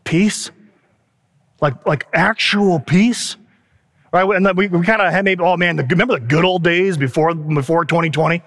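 A man preaching a sermon in a conversational, animated way, retelling stories with quoted lines. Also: high-pitched, normal speed, long reverb tail. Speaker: pastor.

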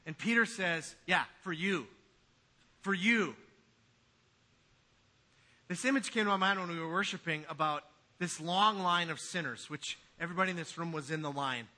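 A man preaching a sermon in a church, swinging from quiet asides to loud, emphatic passages. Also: on the high side, brisk. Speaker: pastor. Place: church sanctuary.

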